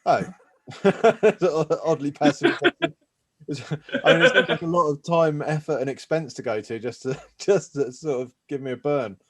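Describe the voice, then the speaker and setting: A man's voice: fairly high pitch, a little slow. A man, co-hosting a casual podcast with dry, teasing banter. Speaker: podcast co-host. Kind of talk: casual chat.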